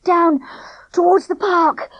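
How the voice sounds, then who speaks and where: Storybook: flustered plump young boy, high and eager, voiced by a woman narrator. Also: fairly even intonation, slow pace, dry recording, dull audio. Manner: breathless, pleading, complaining.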